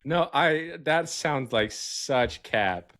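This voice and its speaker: Teasing young host with crude banter. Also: male voice, on the high side, lively intonation, drawn-out words, fairly bright tone. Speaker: podcast host. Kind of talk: casual chat.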